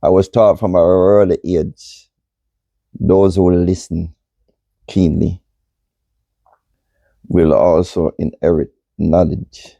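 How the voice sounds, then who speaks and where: A man in his sixties with a deep, gravelly voice that is still hoarse after losing it. He answers in a slow, unhurried, measured way, with long pauses. His tone is dark and husky, and the sound is close and dry. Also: fairly even intonation, no room sound. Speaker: podcast guest. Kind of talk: reflective interview answers.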